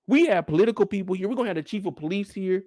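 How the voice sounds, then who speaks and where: Man, show recap host, mocking rants, high-pitched, very lively, dry close sound. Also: very fast, no echo. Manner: mocking, does voices of characters, profane. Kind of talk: animated TV recap commentary.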